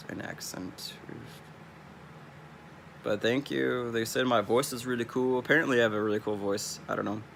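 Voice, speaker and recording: A young male streamer from California, with a Californian accent and a fairly low, creaky voice, rambles through a laid-back, casual vlog monologue. There's slight background noise.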